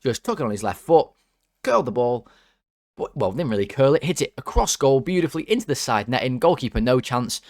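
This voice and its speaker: A man hosting a football fan channel, giving casual player ratings in an excitable, jokey and rambling way. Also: mid-range voice, brisk, dry recording, clean studio sound.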